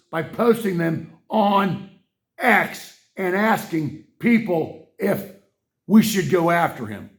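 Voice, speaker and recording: A man hosting a podcast, reading aloud and reacting in a ranting commentary, swinging from muttering to angry shouting with heavy swearing. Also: high voice, expressive, takes it slowly. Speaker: podcast host.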